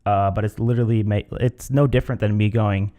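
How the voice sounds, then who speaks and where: A man's voice: on the low side, steady tone, a little fast, dark tone. A man hosting a podcast alone, rambling casually and acting out different tones of voice. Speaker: podcast host. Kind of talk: casual solo podcast talk.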